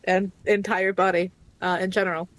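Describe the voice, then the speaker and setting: A woman's voice: mid-range voice, flat delivery, normal speed, a bit bright, dry recording. A woman playing a tabletop game, speaking in a dry, sarcastic way. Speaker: player. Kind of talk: tabletop role-play, in and out of character.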